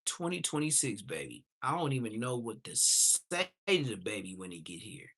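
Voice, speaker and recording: Man, casual comic rant, lively ups and downs. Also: medium pitch, moderate pace, slightly rough. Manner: rambling, animated, slips into quoted voices. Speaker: comedic vlogger.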